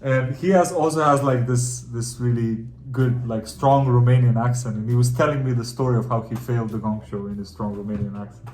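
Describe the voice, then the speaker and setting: A man from the Balkans with a slight Russian accent, a stand-up comedian chatting as a podcast guest in a quick, animated way. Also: medium pitch. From Balkans, Eastern Europe. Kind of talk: casual podcast chat. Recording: roomy room with faint music.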